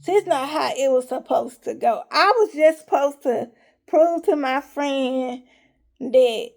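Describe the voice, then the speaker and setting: High, gravelly-voiced woman telling a story. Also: a little slow. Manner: animated, talks straight to her viewers; laughs often while telling. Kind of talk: casual storytime vlog.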